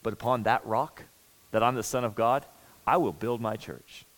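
A man preaching a sermon, earnest and emphatic, moving between loud stress and hushed intensity. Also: mid-range voice, normal speed, rough recording. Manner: earnest, emphatic, repeats words when stressing a point.

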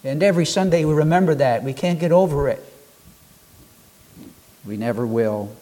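A man preaching a sermon, building rhythmic lists and pausing for dramatic effect. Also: fairly high pitch, warm tone. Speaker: pastor.

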